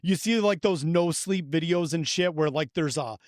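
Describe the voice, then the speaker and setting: A man in his thirties co-hosting a podcast, telling a profane, animated story and acting out his own reactions. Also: on the high side, normal speed, dry recording, studio quality. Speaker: podcast co-host. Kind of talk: casual storytelling chat.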